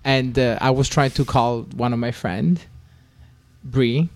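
A man with an Italian accent, co-hosting a casual podcast and telling stories with lively mimicry. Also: takes it slowly, dry recording. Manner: animated storyteller, mimics a phone voice high. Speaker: podcast co-host. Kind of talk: casual chat.

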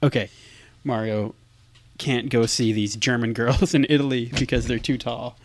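A man's voice: medium pitch, steady tone, normal speed, a little hiss or hum. A man teasing a friend in a casual chat, laughing mid-sentence.

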